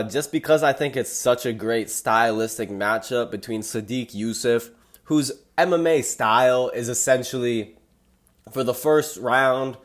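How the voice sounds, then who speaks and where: A young man with a sick, stuffy voice, casually breaking down fight picks as a channel host, loose and joking. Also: mid-range voice. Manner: loose and joking, says "y'all".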